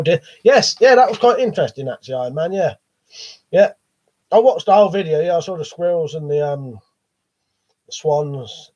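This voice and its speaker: Coughing with a cold, a man hosts a live stream and reads viewer chat in a rambling, hesitant, sweary way. His voice is a little high with a darkish tone, and the stream audio is dull and lo-fi.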